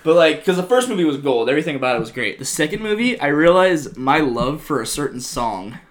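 A young man talking casually as a host, swearing freely and getting excited as he tells stories. His voice sits a bit high and rises and falls a lot. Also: a little fast. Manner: profane, excitable, animated storytelling. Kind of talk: casual chat.

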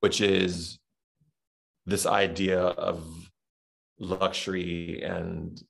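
Man, Southern accent, middle-aged, very deep voice, gravelly, reflective, rambling interview chat. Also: flat delivery, very slow. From Texas, USA. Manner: reflective, rambling with many restarts and fillers. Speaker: podcast guest.

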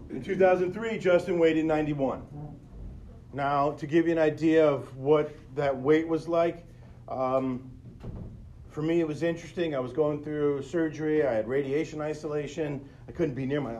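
A man's voice: on the high side, darkish tone, a little hiss or hum. Earnest man telling a personal story. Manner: earnest, conversational, explains to listeners directly. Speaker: podcast host.

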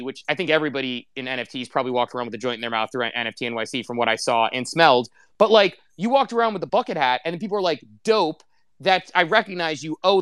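A man on a casual panel, telling stories in an excited rush with a lot of "like". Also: a little high, clear, resonant tone, no room sound. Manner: rapid, excited storytelling with lots of "like".

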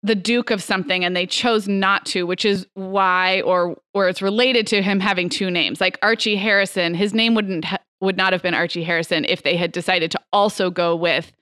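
A woman's voice: mid-range voice, fairly even intonation, normal speed, few pauses, a bit bright, clear, resonant tone, no echo, studio quality. A woman in her thirties co-hosting a podcast, chatting casually and laughing often. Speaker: podcast co-host. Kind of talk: casual chat.

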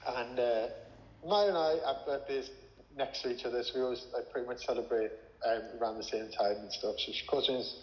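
A former music manager, appearing as an interview guest, tells a personal story in a medium-pitched, fairly quick voice, rambling, swearing and using lots of filler words. It's casual storytelling captured in an echoey room with long reverb and dull lo-fi sound.

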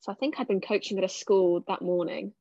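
A woman's voice: medium pitch, brisk, dark tone, no room sound, muffled recording. A woman in her twenties from England, chatting casually as an interview guest, with plenty of fillers and a self-deprecating way of telling it. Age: 20s. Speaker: cricketer guest.

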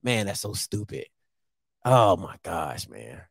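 A man's voice: low voice, sing-song, slow pace, vocal fry, a bit bright, breathy edge, no room sound, studio quality. A man in his thirties hosting a sports picks show, ranting casually to camera with slang and laughing asides. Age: 30s.

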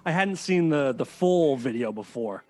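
A man's voice: medium pitch, lively intonation, normal speed, dry recording. A man hosting a podcast, joking crudely in casual banter with his co-host.

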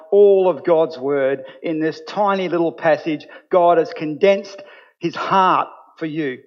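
A man preaching a sermon as pastor, earnest and building to emphatic points. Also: on the high side. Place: church. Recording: dull sound with long hall reverb.

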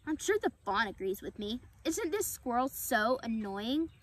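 A woman's voice: a little high, big pitch swings, unhurried. A woman voicing a snide, haughty giraffe. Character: haughty, sullen male giraffe.

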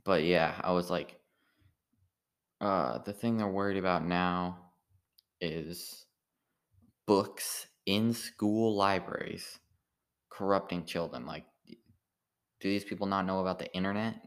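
Tired, gravelly deep-voiced man rambling. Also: fairly even intonation. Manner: meandering, halting, full of restarts and filler. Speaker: amateur stand-up comedian. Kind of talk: rambling casual monologue.

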